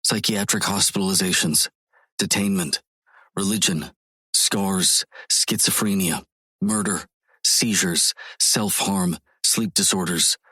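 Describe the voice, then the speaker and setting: Low guy with a bright, forceful tone reading a warning list, dry and close. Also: slow, breathy edge, dry recording. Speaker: audiobook announcer.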